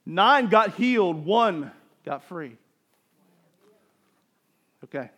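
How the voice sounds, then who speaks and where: A man preaching a sermon, building to emphatic bursts and dropping to quieter explanation. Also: sits high, animated, very slow. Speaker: pastor.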